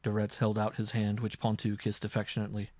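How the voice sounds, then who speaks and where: A man reading a dark historical story aloud, with a dramatic, expressive delivery. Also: fairly low pitch, fast talker, dry recording. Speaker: audiobook reader. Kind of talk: scripted narration.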